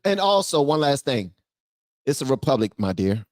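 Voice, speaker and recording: Man from southeast washington d.c., reaction commentator, emphatic, swooping lively pitch, dry close sound. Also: moderate pace, no echo. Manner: animated, emphatic, talks straight to viewers. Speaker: YouTube commentator reacting to a clip.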